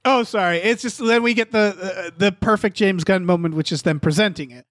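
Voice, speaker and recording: A man co-hosting a casual podcast chat, talking in an animated, profane way and acting out quotes. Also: sits high, fairly quick, dry recording, studio quality. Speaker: podcast co-host.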